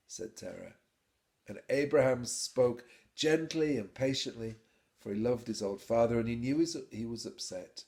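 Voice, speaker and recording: A man narrating a story in a measured, expressive storytelling way. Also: mid-range voice. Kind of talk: scripted narration.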